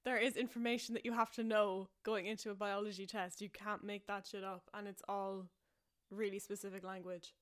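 A young woman with an Irish accent tells a story to her podcast listeners. She talks in a loose, rambling way, full of "like" and "um", and she often laughs at herself. Her voice sits at a middle pitch for a woman. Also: little pitch movement, brisk, clear, resonant tone. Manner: chatty and self-mocking, laughing often, many fillers. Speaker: podcast host.

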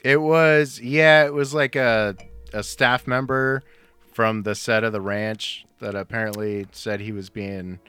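A man co-hosting a podcast, answering in short, easygoing remarks. His voice is bright and a little tense, recorded dry and close. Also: fairly low pitch, steady tone, measured pace, clean tone, no echo, soft background music. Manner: short agreeing replies, easygoing. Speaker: podcast co-host. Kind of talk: casual chat.

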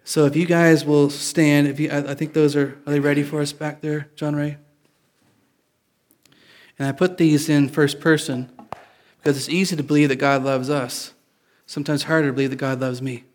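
A male pastor delivers a conversational sermon in a slightly high voice with little pitch movement and a moderate pace. He often restarts his sentences, corrects himself, and slips in light jokes.

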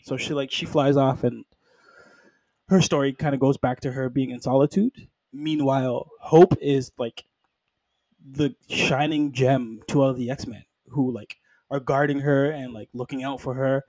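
A man with a warm, mellow voice, recorded dry and close. He chats casually about comics, sprinkling in "like" and jumping into quick acted-out quotes from the characters. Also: medium pitch, no room sound, low-quality recording. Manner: animated storytelling, acting out characters in quick quoted lines; peppers speech with "like". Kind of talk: casual comic book chat.

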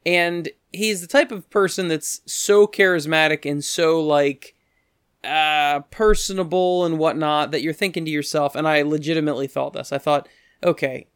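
A man's voice: fairly even intonation, normal speed, smooth, no echo, clean studio sound. A man telling a rambling story in casual chat, breaking into quoted voices now and then. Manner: rambling, acts out quoted voices with pitch jumps.

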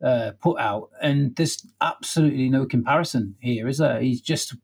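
Husky man retelling film trivia. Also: medium pitch, moderate pace. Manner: animated storyteller, hums music cues. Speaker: podcast co-host. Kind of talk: casual film discussion.

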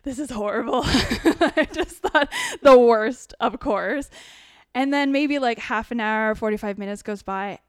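A middle-aged woman telling her story as a podcast guest, animated and expressive, sometimes emotional. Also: on the high side, slow pace, clear, resonant tone, no echo, clean studio sound. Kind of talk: casual storytelling.

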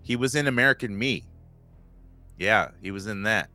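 A man's voice: on the low side, moderate pace, bright, forceful tone, dry recording, faint music behind. A man co-hosting a casual podcast, chatting and adding film trivia. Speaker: podcast co-host. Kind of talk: casual movie chat.

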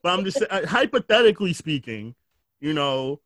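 A man's voice: a little high, big pitch swings, normal speed, a bit bright, no room sound. A man chatting casually as a podcast co-host, telling stories with jokes, swearing and lots of fillers. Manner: joking storyteller, swears freely, lots of fillers. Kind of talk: casual chat.

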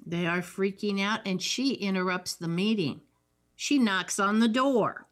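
A woman's voice: medium pitch, unhurried. A woman co-hosting a casual chat, narrating a film's plot scene by scene with dry asides. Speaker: podcast co-host. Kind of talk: casual chat recapping a film.

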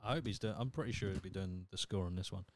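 On his solo podcast, a young male host talks fast in a deep voice. It's a casual rant, delivered bluntly, with plenty of swearing and strong opinions.

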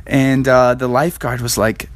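A man's voice: mid-range voice, normal speed, no room sound. Man spinning an improvised story. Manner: animated, rambling.

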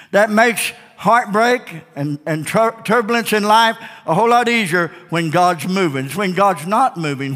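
A man's voice: fairly high pitch, a bit bright, in a large hall. A male pastor preaching a Sunday night sermon, emphatic and repetitive, with whooping exclamations.

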